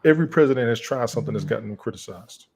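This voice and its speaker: A man co-hosting a casual talk show, arguing politics in a measured, deliberate way and standing firm when he disagrees. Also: medium pitch, animated, gravelly, a little mellow, slightly rough.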